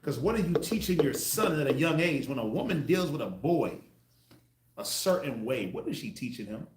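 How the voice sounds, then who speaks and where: A man preaching with a high voice that swings wide in pitch. He keeps breaking into loud acted-out quotes, and the room around him is echoey. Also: normal speed. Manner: animated, acts out quoted voices with loud bursts. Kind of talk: street sermon teaching.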